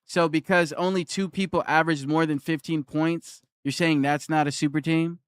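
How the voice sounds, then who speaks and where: A man's voice: fairly high pitch, steady tone, normal speed, clear, resonant tone, no echo, studio quality. A young man on a live stream who argues with his chat, repeats his challenge and reads their comments aloud.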